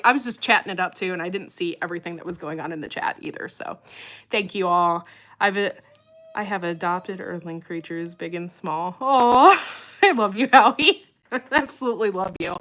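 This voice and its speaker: A woman's voice: lowish voice, a bit bright. A woman hosting her farm channel's livestream, chatting casually, rambling and enthusiastic, often repeating herself.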